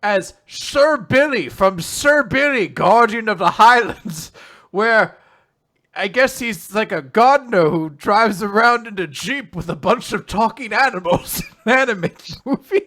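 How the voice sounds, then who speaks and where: A man's voice: high voice, expressive, pushed and bright. A man co-hosting a podcast in casual chat, joking and teasing his partner. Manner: joking, quick to tease. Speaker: podcast co-host.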